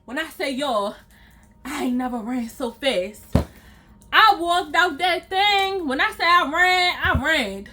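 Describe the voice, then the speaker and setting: A woman vlogger casually telling a story to her viewers in an animated way. She repeats phrases for emphasis and acts out what people said. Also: high voice, slow pace, background noise.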